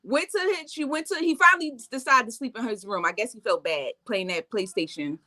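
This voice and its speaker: A woman in her forties co-hosting a casual chat, telling stories in an animated way and acting out what people said. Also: a little high, fairly quick. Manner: animated storyteller acting out quotes. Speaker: co-host. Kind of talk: casual chat recapping reality TV.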